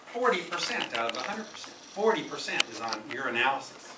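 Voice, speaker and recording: Filmed from far off in an echoey room with a noisy background, a man gives an instructive, prepared talk at a speaking club. His medium-pitched voice is sing-song and fairly quick, and he hammers points home by repeating key phrases emphatically.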